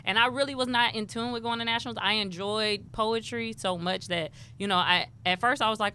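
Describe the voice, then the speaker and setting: A woman's voice: on the high side, fairly quick, hardly any pauses, clean tone. A woman from Houston, a guest telling stories casually in an interview and acting out the voices of people she quotes. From Houston, Texas. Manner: animated, acts out quoted voices. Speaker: guest, rapper and poet.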